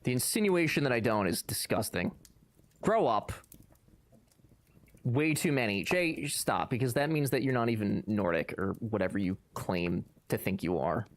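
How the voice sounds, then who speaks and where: A man's voice: on the low side, moderate pace. A young man streaming, chatting casually and bantering jokingly with his chat. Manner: joking, animated, playfully defensive banter. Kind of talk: casual chat reading live chat.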